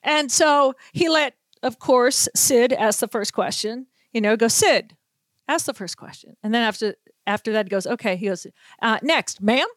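A woman from Boston, hosting a sports talk show, telling a story in a brisk, animated way and acting out everyone's lines. Her voice sits on the higher side, and the recording is dry and close. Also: no echo. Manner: lively anecdotes with acted-out quotes and laughter. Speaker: sports reporter, podcast host. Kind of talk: casual storytelling chat.

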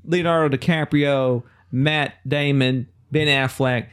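A man with a Southern US accent co-hosting a podcast in casual chat, animated and mock-indignant, laughing often. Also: medium pitch, slow, smooth. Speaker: podcast co-host.

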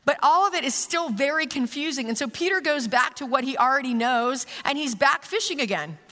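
A woman's voice: sits high, expressive, fairly quick, sharp tone. A woman giving a casual, conversational sermon, telling a story animatedly with plenty of fillers. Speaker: preacher. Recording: long reverb of a large hall.

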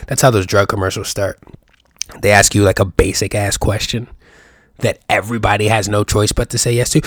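A young man hosts a solo podcast, talking in a fairly low voice. He riffs loosely and profanely, tossing out rhetorical questions. The sound is dry and close, with no room around it. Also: fairly even intonation, normal speed, fairly bright tone, no echo. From New York. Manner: rambling, profane, jokey riffing with rhetorical questions. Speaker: podcast host. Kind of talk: casual solo podcast monologue.

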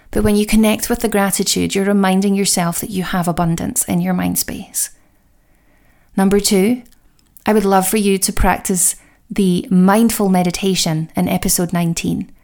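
A woman hosting a self-help podcast, talking the listener through exercises with slow, deliberate, encouraging affirmations. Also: mid-range voice, creaky, darkish tone. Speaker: podcast host and coach.

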